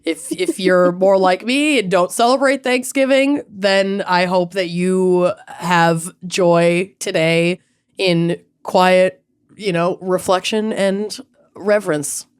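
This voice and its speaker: A woman co-hosting a podcast, chatting with a friend in dry, deadpan humor and laughing often. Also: fairly low pitch, takes it slowly, smooth. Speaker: podcast co-host. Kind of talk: casual chat between friends.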